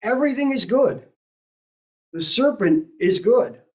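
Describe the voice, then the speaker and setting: A woman's voice: on the high side, animated, unhurried, a little mellow. A woman teaching an adult Sunday school class, asking the group questions and thinking aloud as she goes. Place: church classroom. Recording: roomy, distant and dull.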